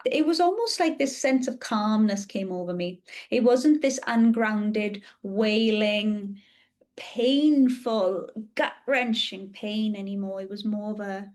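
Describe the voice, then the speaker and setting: Podcast host, woman, thirties, middle-pitched voice, candid first-person storytelling, confessional and open. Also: slow, a little mellow.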